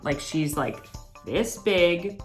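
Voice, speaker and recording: A woman's voice: on the low side, animated, extremely slow, soft background music. A woman mocking a film in a wry comedic chat. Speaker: panelist.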